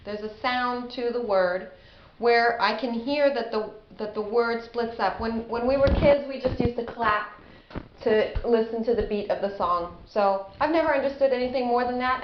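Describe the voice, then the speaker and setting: A middle-aged woman teaching a casual spelling lesson, chatty and self-deprecating, sounding words out slowly. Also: on the high side, a little hiss or hum. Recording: echoey room, slightly dull audio.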